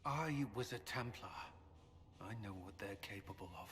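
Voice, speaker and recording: A man's voice: fairly low pitch, moderate pace, a bit bright, lightly acted. An actor playing a firm, argumentative male military commander and former soldier. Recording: reverberant game audio.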